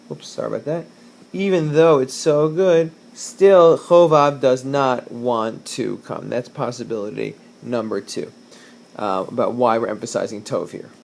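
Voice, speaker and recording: A male teacher with a gravelly edge to his mid-pitched voice walks through a text, reading Hebrew verses aloud and translating them phrase by phrase. His delivery is casual, with fillers and restarts. A faint hiss sits under the recording. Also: darkish tone. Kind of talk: recorded whiteboard lesson.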